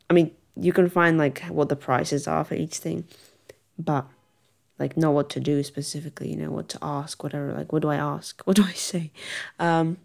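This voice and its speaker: A young woman chats casually to her viewers in a rambling vlog style, her voice sitting a little low for a woman. She laughs often and talks herself through her worries in a reassuring way. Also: a little mellow. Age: young adult. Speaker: vlogger. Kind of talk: casual chat to camera.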